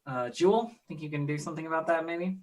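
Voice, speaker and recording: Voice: mid-range voice, fast. A player in a tabletop game, talking boldly and playing their character. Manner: bold, shouts in character.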